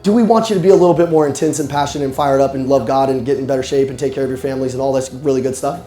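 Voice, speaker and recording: A young man giving an animated, playful motivational sales talk to a live audience. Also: medium pitch, very fast. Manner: animated, playful, addresses the crowd directly. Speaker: sales coach speaking live. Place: roomy hall with a live audience. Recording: echoey room with faint music.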